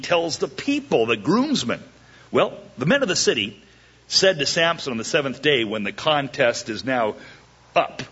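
A man preaching verse by verse, joking and acting out the characters' lines in a lively way. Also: a little high, breathy edge, dull audio. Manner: animated, jokey, acts out the characters' lines. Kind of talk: verse-by-verse sermon.

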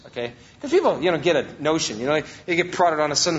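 High-voiced man preaching, dull lo-fi sound. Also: very animated, a little fast, fairly bright tone. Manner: emphatic preaching with repeated phrases. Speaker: pastor. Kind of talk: sermon.

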